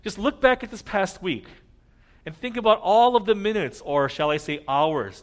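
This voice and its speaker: A man preaching a sermon, earnest, rising to loud emphasis and dropping to a near hush at key points. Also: mid-range voice. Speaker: pastor.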